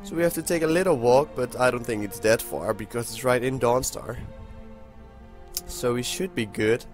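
A young man hosting a casual let's-play, excitable and chatty with his viewers, with a hoarse voice that keeps cracking. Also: medium pitch, normal speed, faint music behind. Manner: excitable, talks to viewers while playing. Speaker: gaming channel host.

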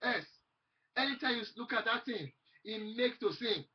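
A man delivers a fervent sermon in a husky voice, repeating his phrases and quoting scripture aloud. The recording sounds dull and lo-fi. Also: extremely high pitch, animated, moderate pace. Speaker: preacher.

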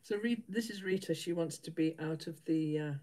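A woman's voice: deep voice, moderate pace, mellow. A middle-aged woman, chatting casually with live viewers while she sews, laughing often. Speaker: livestream host.

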